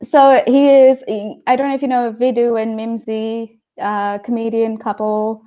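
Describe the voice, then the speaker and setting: A woman's voice: fairly high pitch, level tone, a little slow, smooth, lo-fi sound. A woman guest in a casual interview, chatty, laughing often and acting out what people said. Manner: chatty, laughs often, acts out quoted voices.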